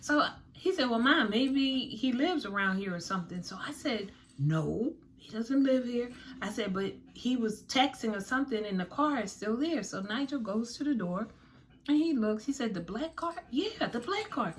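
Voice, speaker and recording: A woman vlogger telling a story to her viewers in a dramatic, animated way, acting out the dialogue, with features. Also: fairly high pitch, moderate pace, slight background noise.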